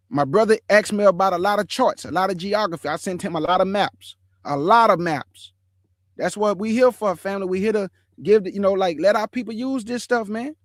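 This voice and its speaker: A man hosting an online show, chatting casually about scripture in relaxed slang and calling his viewers family. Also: high-pitched, dry recording. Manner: laughs often while telling stories. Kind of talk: casual livestream chat on scripture.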